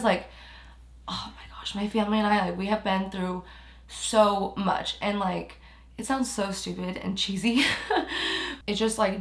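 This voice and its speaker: A young woman with a lowish voice vlogs about her feelings in an echoey room, close to tears. She rambles emotionally, filling her talk with "like" and other fillers.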